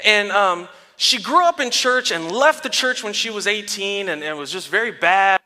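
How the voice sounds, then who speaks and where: A man in his thirties, a pastor giving a sermon in a relaxed storytelling way, laughing often. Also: high-pitched, moderate pace. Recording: long reverb of a large hall.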